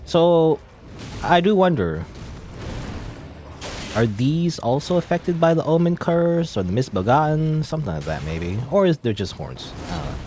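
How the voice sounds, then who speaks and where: A man's voice: on the high side, very animated, normal speed, dark tone, slight background noise. A man casually commenting while playing a game, musing aloud and joking at his own expense. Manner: rambling, musing aloud with self-deprecating jokes. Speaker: let's play host.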